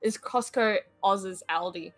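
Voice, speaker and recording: A woman with an Australian accent chatting on a late-night stream, blunt and swearing freely, with halting restarts. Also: mid-range voice, fairly bright tone, no echo, soft background music. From Western Australia. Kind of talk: late-night casual chat.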